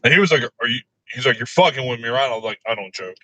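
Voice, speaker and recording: A man telling crude work stories in casual chat, laughing often and delivering his own quoted replies deadpan. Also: mid-range voice, very fast, no room sound, rough recording.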